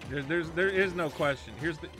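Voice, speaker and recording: A man streaming a video game, chatting casually with animated, exasperated rants. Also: on the high side, fairly quick. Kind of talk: casual chat while gaming. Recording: game music under the voice. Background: video game music.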